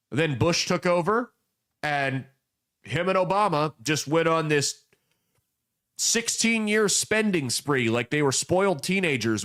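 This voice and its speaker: With a slightly high, somewhat bright voice, a young adult man hosts a podcast of laid-back political commentary built on folksy parables delivered with blunt emphasis.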